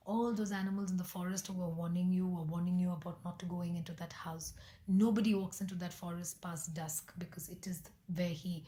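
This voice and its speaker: A woman's voice: on the low side, level tone, fairly quick, mellow, reverberant. A woman telling a folk tale with voiced animal characters, often dropping into a whisper. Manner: often drops to an unvoiced whisper. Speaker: storyteller.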